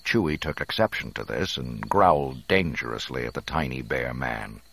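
A man narrating a storybook in an expressive, dramatic reading. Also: rumbling low, normal speed, creaky, dry recording.

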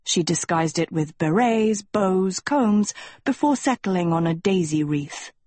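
A woman reading a storybook aloud with measured, expressive narration. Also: lowish voice, no room sound. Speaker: audiobook reader.

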